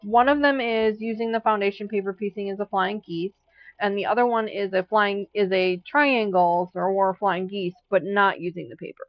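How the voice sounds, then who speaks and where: A woman hosting a quilting channel rambles casually and laughs a lot during a live sewing session, all while hiccuping. Her medium-pitched voice is steady and moderately paced, captured in a dry recording with dull audio.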